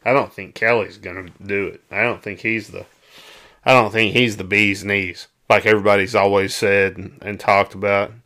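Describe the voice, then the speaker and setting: A man from South Arkansas with a Southern accent, co-hosting a casual sports chat and ranting in an animated, exclamatory way. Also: fairly low pitch, moderate pace. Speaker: sports podcast co-host.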